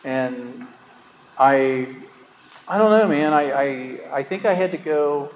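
A man's voice: mid-range voice, slow. A man shares his story with a recovery group in a loose, rambling way, full of fillers and self-mocking chuckles. His voice rings through a large, reverberant hall. A faint background hum sits under it. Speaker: speaker sharing his story at a recovery meeting. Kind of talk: candid personal storytelling. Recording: echoey hall with faint ambient noise.

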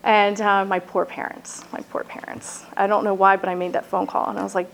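A woman telling her own recovery story in a candid personal testimony, halting and peppered with "like" and "you know". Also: medium pitch, level tone, vocal fry, slight background noise, rough recording.

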